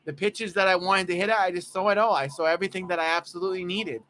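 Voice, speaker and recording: A man's voice: sits high, fairly even intonation, quick pace, bright, forceful tone. A man doing a gee-whiz wholesome ballplayer. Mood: earnest. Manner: gee-whiz, stammering, repetitive. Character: wholesome, polite young male ballplayer.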